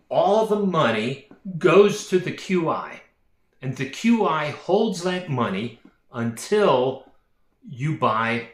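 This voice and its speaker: A man who works as a real estate agent explains a topic in a measured, plain-spoken way with frequent fillers. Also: mid-range voice, fairly bright tone, echoey room. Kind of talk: explanatory talk to camera.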